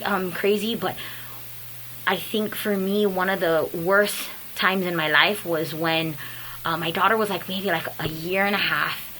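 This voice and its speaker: A young woman telling her own story in a casual, halting way, often pausing and restarting. Her voice is bright and sits at an ordinary pitch. A faint ambience hums behind her. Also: a little hiss or hum, rough recording. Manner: earnest, halting, with many fillers and restarts. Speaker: speaker sharing a personal story. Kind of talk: personal testimony, casual.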